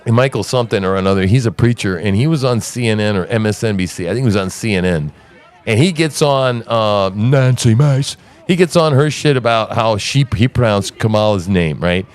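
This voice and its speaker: A man's voice: fairly low pitch, brisk. A man co-hosting a podcast, telling a story in casual, profane chat, often laughing and mimicking voices. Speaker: podcast co-host.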